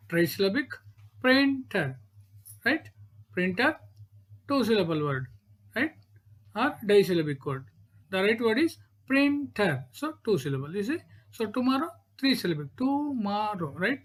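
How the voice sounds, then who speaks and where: A woman with an Indian English accent teaching a grammar lesson, saying each word over and checking in with "right?" and "okay". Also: mid-range voice.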